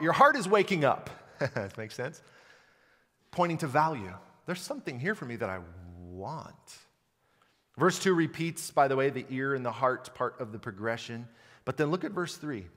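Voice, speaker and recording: Young pastor from Montana, lively sermon delivery, talks right to the crowd, church hall reverb. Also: male voice, a little high. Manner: animated, talks to the congregation and asks them questions. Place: church sanctuary.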